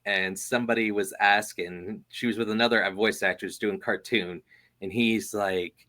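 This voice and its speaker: A man's voice: on the low side, fairly even intonation, moderate pace, sharp tone. A man hosting a casual interview who laughs often and keeps an easygoing tone. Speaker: host.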